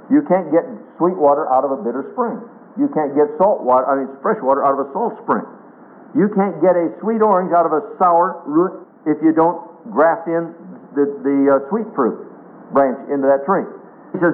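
A man's voice: a little high, brisk. A man preaching a sermon as a pastor, earnest and quoting scripture in old-style English. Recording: tinny phone-like radio broadcast.

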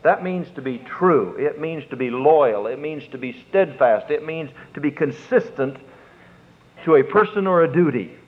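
Male pastor, fairly high voice, emphatic drawn-out sermon delivery, tinny phone-quality audio. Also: expressive. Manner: preaching with drawn-out emphatic words and rising fervor.

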